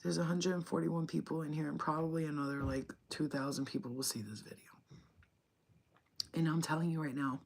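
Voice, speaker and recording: A woman channeling spirit messages in a casual livestream talk, animated and profane, dropping to whispers and then shouting. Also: low-pitched, brisk, vocal fry. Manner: animated, swings between whispers and loud outbursts, swears freely.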